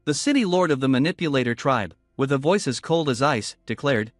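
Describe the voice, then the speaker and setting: A man's voice: medium pitch, brisk, few pauses, no room sound, studio quality, soft background music. A man narrating a comic recap in a scripted voice, reading every character himself. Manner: reads all characters in one steady narrating voice.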